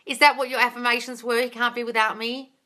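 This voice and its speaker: Woman coach reading comments on a live stream, super excitable, swears a lot, very bright sharp voice. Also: fairly high pitch, quick pace. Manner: gushing and excitable, calls listeners darling, swears freely. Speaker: manifesting coach and host.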